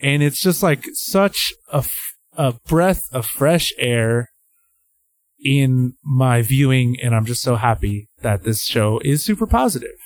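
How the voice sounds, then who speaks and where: A man co-hosting a podcast in casual chat, rambling and excitable, sometimes jumping way up in pitch. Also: slow, no echo. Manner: rambling, excitable, jumps to high pitch when acting out his own thoughts. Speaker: podcast co-host.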